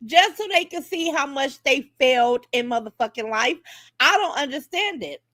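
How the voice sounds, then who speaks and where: A woman hosts a casual livestream with a high, bright voice. She talks straight to her viewers, calling out names and mocking critics in a brash, animated way. Her voice is close and dry, with no room echo. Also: moderate pace. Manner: brash, animated, greets commenters and mocks detractors. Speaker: livestream host.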